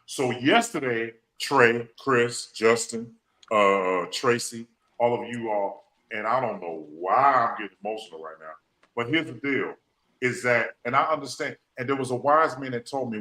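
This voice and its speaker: A man's voice: medium pitch, normal speed, pushed and bright, low-quality recording. A man hosting a podcast, speaking, repeating phrases and using folksy slang. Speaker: podcast host. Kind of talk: emotional motivational talk.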